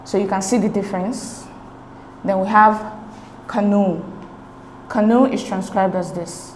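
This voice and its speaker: A woman teaching an exam-prep English lesson at a middle pitch, patient and methodical, pausing to check understanding. Her voice bounces around a reverberant room, with a faint hiss underneath. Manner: patient, explains step by step with checking "okay?" and "right?".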